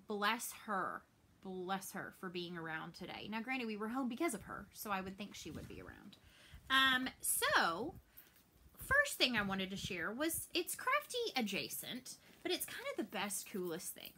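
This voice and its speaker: In her home cross stitch vlog, a thirtysomething woman with a Southern American accent talks casually and openly to the camera, trailing off softly at sad moments. Her voice is medium-pitched, with slight background noise.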